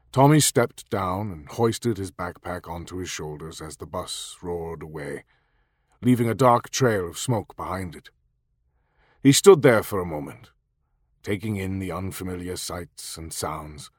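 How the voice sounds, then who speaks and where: A man narrating an audiobook in a measured, even storytelling manner into a close studio microphone. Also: fairly low pitch, dry recording.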